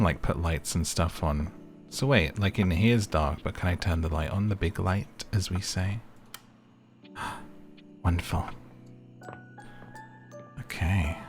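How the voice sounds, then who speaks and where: Deep-voiced man playing a game. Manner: playful, jokey asides. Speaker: gaming youtuber. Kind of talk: let's play commentary.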